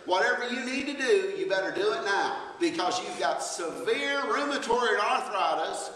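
High, bright-voiced preacher in his fifties. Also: expressive, normal speed, slight background noise. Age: 50s. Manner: folksy and conversational, laughing asides. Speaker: pastor. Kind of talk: sermon. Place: church sanctuary. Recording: roomy church hall from far off.

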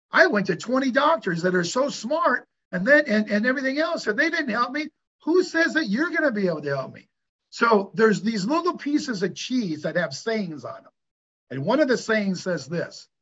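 Middle-aged male guest with a high voice, earnest, preachy storyteller, muffled lo-fi audio. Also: a bit bright, breathy edge. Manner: earnest, preachy, asks rhetorical questions. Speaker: hyperbaric clinic owner, guest. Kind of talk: conversational interview storytelling. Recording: dull lo-fi recording.

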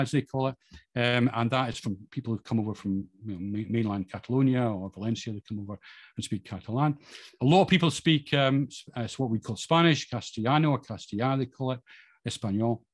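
A man's voice: mid-range voice, fast talker, dry recording. Scottish man, rambling casual talk. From Scotland. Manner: rambling with frequent fillers and restarts. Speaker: podcast guest. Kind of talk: casual monologue.

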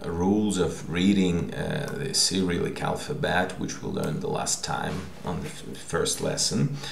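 A man teaches a recorded language lesson, patiently explaining and often checking with a questioning "okay?". His voice sits low and carries a gravelly fry, and his pace is very unhurried. The room around him sounds echoey. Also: steady tone, slight background noise.

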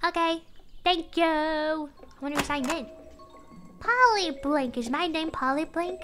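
A woman's voice: high voice, unhurried, music in the background. A woman streamer chatting casually over gameplay, bubbly and swearing when startled.

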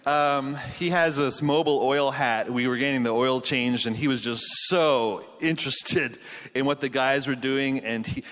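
A man in his thirties speaks from a conference stage at a mid-range pitch. He mixes jokey storytelling with earnest preaching. The tone is that of a casual but committed conference sermon. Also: steady tone, unhurried, a bit bright, a little hiss or hum. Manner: jokey storytelling, then earnest Bible teaching. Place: conference hall.

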